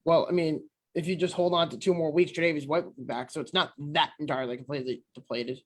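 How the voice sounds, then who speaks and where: A man's voice: fairly high pitch, fairly even intonation, fast talker. A man co-hosting a casual sports podcast, talking bluntly and swearing freely. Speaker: podcast co-host.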